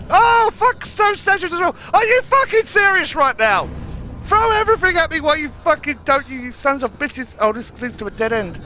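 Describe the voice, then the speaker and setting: A man's voice: very high-pitched, pushed and bright. A young man streaming a horror game live, swearing constantly and yelping at every scare. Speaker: gaming streamer.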